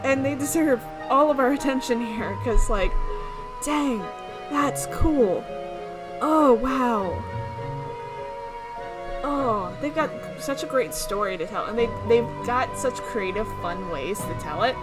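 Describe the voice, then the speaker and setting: A woman hosting a let's play, gushing over the game with an excitable, high voice. Her pitch swings widely as she reacts. Game music plays behind her. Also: takes it slowly. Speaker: gaming video host.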